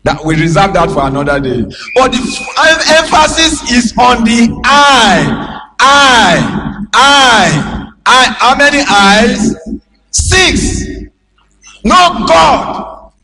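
A man with a Nigerian accent preaching a sermon as a pastor, emphatic and calling out to the congregation for responses, with bursts of shouting. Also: very high voice, very animated, a little slow, low-quality recording.

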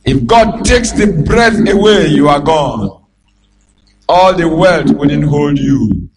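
A Nigerian-accented male pastor with a notably high voice delivers his sermon at an unhurried, deliberate pace. He preaches emphatically, prompting the congregation to answer back, and breaks into shouts to drive points home. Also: expressive, slight background noise, rough recording. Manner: emphatic call-and-response preaching, bursts of shouting.

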